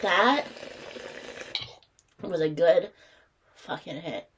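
Slow-talking stoned woman, faint hiss. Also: lowish voice, animated. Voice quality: laughing, teary. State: stoned, coughing. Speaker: vlogger. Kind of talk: casual stoner chat.

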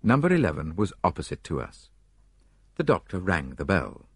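A man reads an audiobook in a measured, expressive manner. His low voice moves lively up and down, with a husky edge, in a dry, close recording. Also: no room sound. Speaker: narrator. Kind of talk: audiobook narration.

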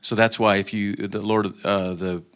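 A man's voice: on the low side, flat delivery, normal speed, fairly bright tone, smooth. A man giving an informal talk to a group, telling anecdotes and joking, with frequent restarts. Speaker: guest speaker.

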